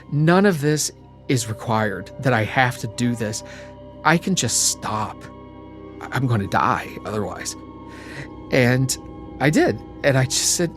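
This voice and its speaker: A man in early adulthood speaks in a level, middling voice, reflective and quietly emotional as he tells his story. At times he drops almost to a whisper. Soft music plays faintly beneath him. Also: mid-range voice, creaky. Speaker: interviewee. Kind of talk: personal storytelling.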